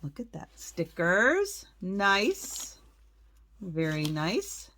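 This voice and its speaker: Woman, vlogger, casual unboxing chat, full of oohs and gasps, unhurried. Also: mid-range voice, huge pitch swings, fairly bright tone. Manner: slow, exclaiming, lots of oohs and gasps. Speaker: reseller vlogger.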